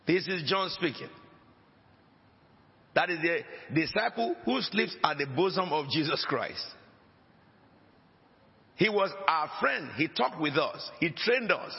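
A man's voice: a little high, sing-song, takes it slowly, gravelly, pauses often. A man preaching a sermon as pastor, emphatic, with dramatic rises and drops in his voice. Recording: dull lo-fi recording with long hall reverb.

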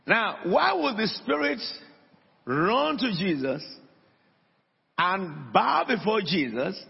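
A man's voice: sits high, big pitch swings, slow pace, vocal fry, husky. A man preaching a sermon in a church hall, emphatic and calling out to his congregation. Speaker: pastor. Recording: dull lo-fi recording in a long-reverb hall.

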